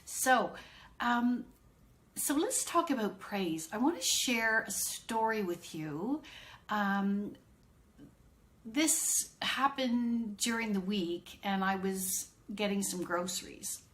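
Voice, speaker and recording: A middle-aged woman talks slowly and unhurriedly, chatting through an everyday anecdote for live viewers. Her voice sits at an ordinary mid pitch, relaxed and conversational, an autism consultant sharing a story.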